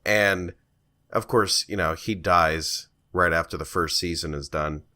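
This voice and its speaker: A man's voice: low-pitched, a little slow, sharp tone. A man co-hosting a podcast in casual chat, laid-back, mostly giving short reactions. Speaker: podcast co-host.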